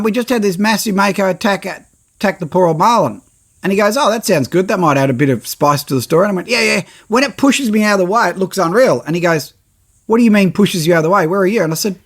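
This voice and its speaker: A middle-aged man hosting a podcast, telling a story with lively energy and acting out his own reactions and the quotes of others. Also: a little high. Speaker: podcast host, photographer. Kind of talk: animated storytelling.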